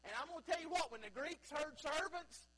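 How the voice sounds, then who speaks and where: A man preaching a sermon in a church, swinging from loud, high bursts down to low, quiet stretches. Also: lively intonation, a little fast, poor audio. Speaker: pastor. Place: church sanctuary.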